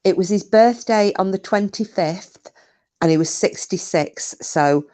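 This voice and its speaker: A woman's voice: medium pitch, measured pace, warm tone. A woman hosting a casual live chat, laughing often and swearing casually. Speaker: live stream host. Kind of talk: casual chat reading viewer comments. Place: home, windy day.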